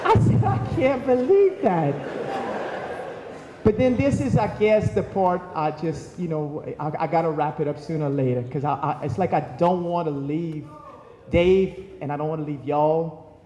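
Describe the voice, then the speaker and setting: Man, eulogy anecdotes, high voice, mellow tone, big church echo. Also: moderate pace. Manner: storytelling, acting out quoted voices. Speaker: eulogy speaker. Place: large church. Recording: echoey hall from far off.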